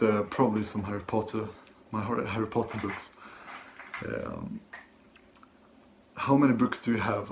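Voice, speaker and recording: A young man answering viewer questions in a casual Q&A, pausing often with fillers. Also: on the low side, steady tone. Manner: hesitant, many fillers. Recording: faint noise and clicks.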